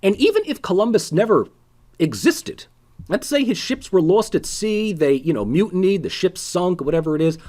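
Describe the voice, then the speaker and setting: A man's voice: high-pitched, expressive, moderate pace, darkish tone. A man giving a casual, conversational political science lecture with sarcastic asides.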